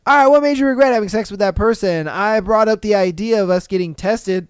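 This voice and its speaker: A young man hosting a podcast, telling stories and reacting in a slangy, profane, animated way. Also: high-pitched, fairly quick, clean tone, dry recording, clean studio sound. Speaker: podcast host. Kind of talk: casual solo podcast commentary.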